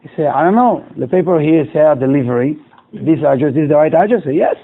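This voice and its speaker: A man's voice: fairly high pitch, expressive, quick pace. A rabbi telling a moral story to his class in broken English, acting out each character's lines. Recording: tinny, phone-like lo-fi recording.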